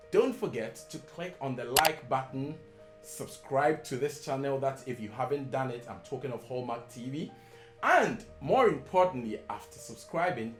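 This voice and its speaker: A man hosting an English-usage show, explaining words in a measured scripted way and checking in with "okay?". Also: medium pitch. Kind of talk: scripted educational presentation. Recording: echoey room with faint guitar music.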